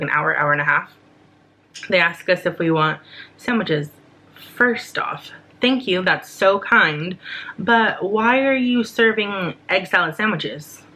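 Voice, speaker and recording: Bright-voiced young woman telling a story. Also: low-pitched. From United States. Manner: animated, swears a lot, filler-heavy. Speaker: vlogger. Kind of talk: casual storytime.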